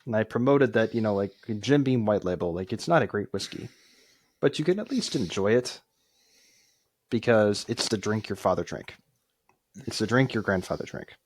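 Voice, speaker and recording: A man's voice: lowish voice, lively intonation, moderate pace. A man co-hosting a podcast in casual chat, easygoing and often giving short agreeing replies. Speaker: podcast co-host.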